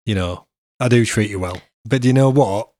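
A man's voice: lowish voice, normal speed, darkish tone, no echo, clean studio sound. A middle-aged man, hosting a podcast and chatting casually with his son, laughing often. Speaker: podcast host.

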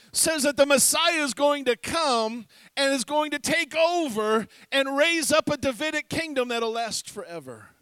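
A man preaching a sermon as pastor, animated, swinging between loud and hushed passages. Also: extremely high pitch, no echo.

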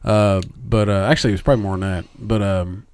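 A man hosting a casual podcast chat, telling profane, animated stories. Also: fairly low pitch, quick pace, clean tone, no room sound, studio quality.

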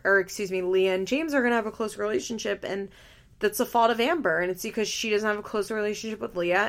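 Female podcast host, casual and blunt, constant "like" fillers, gravelly fry in the voice. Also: medium pitch, a bit bright. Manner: blunt, opinionated, heavy use of "like" fillers. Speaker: podcast host recapping a reality show. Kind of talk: casual chat.

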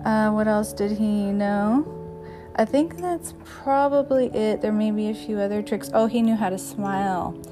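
A woman's voice: mid-range voice, a little slow, music in the background. A woman hosting an episode, telling rambling stories in a chatty, casual way and chuckling now and then. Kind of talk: casual storytelling.

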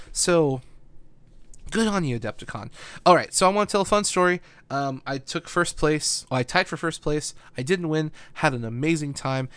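A man's voice: mid-range voice, dry recording. A man hosting a podcast, recapping a tournament in a casual, enthusiastic, rambling way with lots of "like" and laughter. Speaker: podcast host.

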